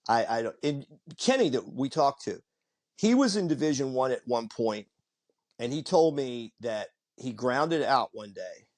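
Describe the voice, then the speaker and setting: A man hosting a podcast, telling coaching stories in a casual, animated way and acting out the people he quotes. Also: mid-range voice, measured pace. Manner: animated storyteller who acts out quoted people. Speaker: podcast host and hitting coach. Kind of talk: casual storytelling chat.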